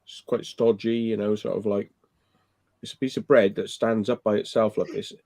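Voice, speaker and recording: A man's voice: fairly low pitch, little pitch movement, moderate pace, vocal fry, darkish tone, a little hiss or hum. A man co-hosting a livestream chat, telling crude stories in a rambling way with lots of fillers. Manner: rambling, full of fillers and swearing. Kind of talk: casual anecdote-telling chat.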